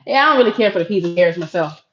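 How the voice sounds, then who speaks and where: A woman's voice: fairly low pitch, expressive, rapid-fire, highs cut off. A middle-aged woman from Florida chatting casually with viewers on a live stream while she cooks in her home kitchen. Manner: chatty, addresses viewers as y'all.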